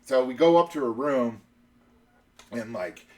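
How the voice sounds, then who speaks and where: Speaking at an unhurried pace in a medium-pitched voice, a male podcast host rambles through a casual story, full of fillers and restarts.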